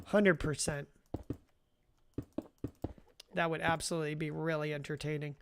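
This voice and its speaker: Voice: mid-range voice, flat delivery, moderate pace, background noise. A livestreamer giving casual live gameplay commentary, chatty and rambling, talking to chat viewers by name and often laughing. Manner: rambling with frequent restarts and self-amused laughs.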